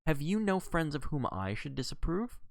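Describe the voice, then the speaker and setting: A man's voice: on the high side, big pitch swings, moderate pace, creaky, no room sound, voice pushed up. Cool, defiant wife, read by a man. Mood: cold. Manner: cold, clipped retorts.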